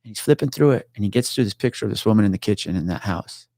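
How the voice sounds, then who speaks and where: A retired police officer, middle-aged, speaks very fast in a fairly low voice while casually recounting a tense story during an interview. He's animated, swears, and acts out the voices of the people involved, and the studio-quality recording has no room sound.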